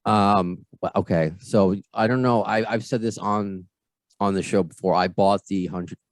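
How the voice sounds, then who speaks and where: A man's voice: on the low side, fairly even intonation, measured pace, dry recording. An American man hosting a podcast interview over a video call, chatty and self-deprecating, often repeating his words. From United States. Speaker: podcast host.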